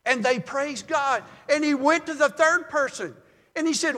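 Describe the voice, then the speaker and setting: An older male pastor delivers a sermon, easing into folksy stories with a calm, measured pace. His voice sits fairly high for a man. The sound rings out with the long reverb of a church sanctuary.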